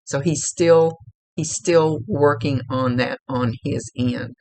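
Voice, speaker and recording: A woman's voice: low-pitched, takes it slowly, a little mellow, slight background noise. A woman working as a psychic medium, giving a spirit reading to a client in a rambling way, searching for words and restarting her sentences.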